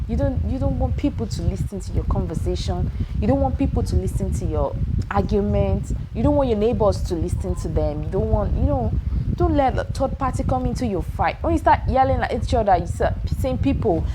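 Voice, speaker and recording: A woman's voice: mid-range voice, animated, a little fast, heavy background noise. A young Nigerian woman with a Nigerian accent giving relationship advice in a casual vlog, repeating her points emphatically and asking if you understand.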